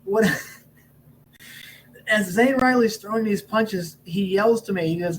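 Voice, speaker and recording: High-voiced male referee telling stories. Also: takes it slowly, slight background noise, low-quality recording. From Augusta, Georgia. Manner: animated storyteller who acts out lines in a raised voice. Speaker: wrestling referee guest. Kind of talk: casual interview storytelling.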